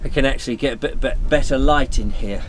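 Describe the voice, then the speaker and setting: A middle-aged Englishman talks casually to his viewers in a rambling, friendly way. His voice sits at an ordinary middle pitch. He is outdoors beside his van, and gusts of wind buffet the mic over a faint hiss of traffic. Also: quick pace. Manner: chatty, rambling, friendly asides. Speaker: vlogger. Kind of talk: casual vlog to camera. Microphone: wind buffeting the microphone.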